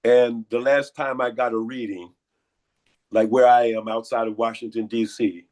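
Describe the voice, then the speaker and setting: A hoarse, congested man giving lecturing interview answers and firing off repeated rhetorical questions. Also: medium pitch, level tone, normal speed, darkish tone. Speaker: guest.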